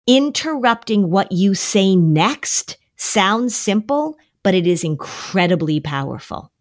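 A woman's voice: mid-range voice, no echo, studio quality. A woman therapist on a podcast, speaking emphatically and repeating key words for stress. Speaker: therapist guest. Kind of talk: podcast interview.

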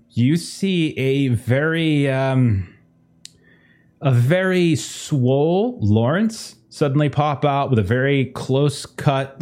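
A man's voice: mid-range voice, a little mellow. A man narrating as game master, casual and full of fillers.

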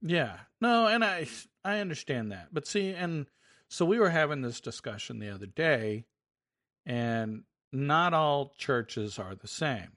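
A man co-hosting a casual chat who agrees with his guest and then gently builds a counterpoint. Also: on the high side, very animated, a little slow.

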